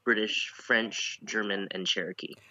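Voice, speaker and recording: A man's voice: on the low side, fairly even intonation, a little slow, sharp tone, no echo, dull audio. A man chatting casually as a comedian guest, dry and self-deprecating, rambling through his answers.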